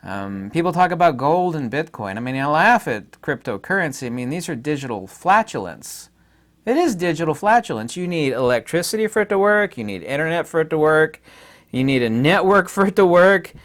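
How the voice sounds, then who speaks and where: A man's voice: a little high, big pitch swings, a little fast, a bit bright. A middle-aged man hosting his own channel, giving a rambling, opinionated monologue full of fillers and asides. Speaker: channel host. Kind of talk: casual monologue to camera.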